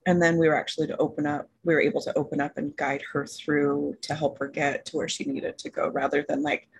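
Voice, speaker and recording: A woman's voice: low-pitched, level tone, a little fast, gravelly, slightly rough, poor audio. A woman coaching student sharing a story from a session on a group call, thoughtful and casual. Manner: thoughtful storytelling, laughs softly.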